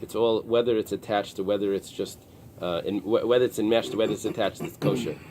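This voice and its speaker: A man teaching a Talmud class, pausing and restarting often as he explains the text. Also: on the low side, a little mellow, a little hiss or hum. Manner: explains in halting restarts with many fillers. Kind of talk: early-morning Talmud class. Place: synagogue study room with a small group.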